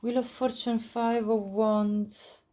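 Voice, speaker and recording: A woman's voice: a little high, flat delivery, slow, mellow, a little hiss or hum. Woman tarot reader, casual and chatty, laughs easily, talks with fillers and restarts. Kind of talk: casual pick-a-card tarot reading.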